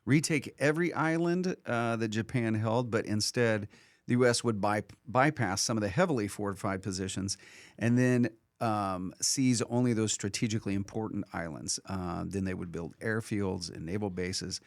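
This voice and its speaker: A man walking listeners through history in a loose, chatty way, often pausing on "uh". His voice is low and gravelly, recorded dry and close. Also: dry recording. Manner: casual, lots of "uh" fillers, joking asides. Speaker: history teacher co-host. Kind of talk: conversational history lesson.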